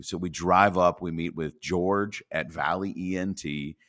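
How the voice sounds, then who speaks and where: A man's voice: deep voice, moderate pace. A man telling a story from his sales career as a podcast guest, acting out the voices in it. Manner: animated storyteller acting out dialogue.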